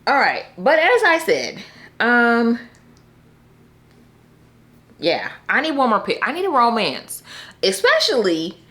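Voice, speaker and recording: A young woman vlogging casually about her book picks, animated and laughing often as she talks to viewers. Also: on the high side, slow, pauses often. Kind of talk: casual chat to camera.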